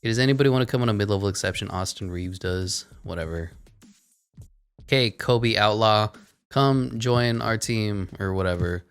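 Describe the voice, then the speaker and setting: A man commentating over a basketball video game, sarcastic and deadpan, with quick offhand asides. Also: lowish voice, clear, resonant tone, faint music behind. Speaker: gaming commentator.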